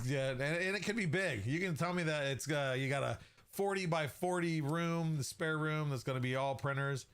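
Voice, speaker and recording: Guy hosting a livestream, casual rambling chat, laughs a lot, medium pitch voice. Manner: chatty, laughs often, greets chat by name. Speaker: livestream host.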